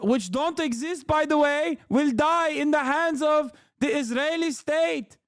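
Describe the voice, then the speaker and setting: Casting note: a man putting on a deadpan broken-accent pundit caricature, pitched well above his own voice. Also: gravelly, dry recording, studio quality, full character voice. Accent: put-on foreign accent. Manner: broken grammar, deadpan exaggeration. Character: mocking caricature of a male pundit.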